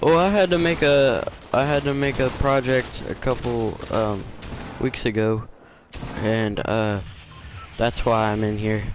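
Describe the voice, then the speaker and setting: A man's voice: mid-range voice, steady tone, noisy background, close to an everyday voice. A man voicing a nervous boy classmate who stumbles through an excuse. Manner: halting, stumbling.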